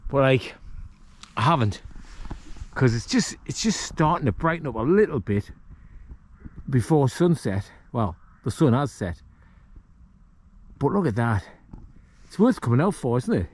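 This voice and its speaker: A man of ordinary pitch talking to a handheld camera outdoors on a wet hillside near water at dusk. He rambles in a chatty, self-mocking way, throwing in small jokes and asides as he goes. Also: very animated, unhurried, pauses often, darkish tone. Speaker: vlogger. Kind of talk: casual outdoor vlog talk.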